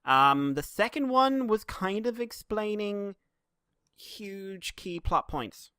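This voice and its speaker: A man's voice: high voice, lively intonation, slow pace, bright, forceful tone, clear, resonant tone, dry recording, studio quality. A man co-hosting a podcast, rambling and laughing as he chats, with many restarts. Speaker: podcast co-host. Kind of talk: casual chat.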